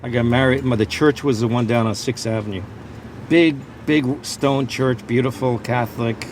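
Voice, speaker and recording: A man chatting casually outdoors on a city street in a relaxed, conversational way. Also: medium pitch, moderate pace, a little hiss or hum. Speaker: podcast host. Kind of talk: casual on-location chat.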